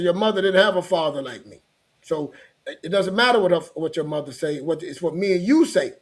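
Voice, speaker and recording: A middle-aged man talking in a casual chat, earnest and rambling, often repeating himself. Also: a little high.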